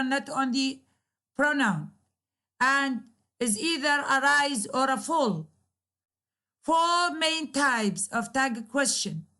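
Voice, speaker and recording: A woman's voice: high voice, a bit bright. A woman whose first language is Arabic gives a recorded grammar lecture as a university English lecturer, repeating key phrases with hesitant fillers.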